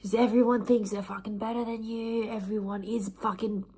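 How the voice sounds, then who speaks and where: A woman's voice: mid-range voice, little pitch movement, moderate pace, mellow, slightly rough. A woman venting to camera in a rambling, swearing way while eating.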